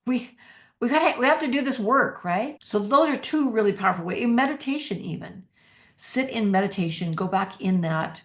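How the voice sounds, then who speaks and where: A middle-aged woman giving a motivational workshop talk as a parenting coach, energetic and slowing down to stress key phrases. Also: mid-range voice.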